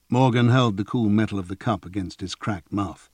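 Low-voiced man narrating an audiobook. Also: breathy edge, no echo. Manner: even, measured.

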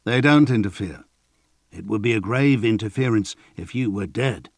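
A young lord speaks quietly and wryly, a touch higher than the reader's plain voice, as a male narrator reads him. The tone is calm and dry. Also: normal speed, no room sound.

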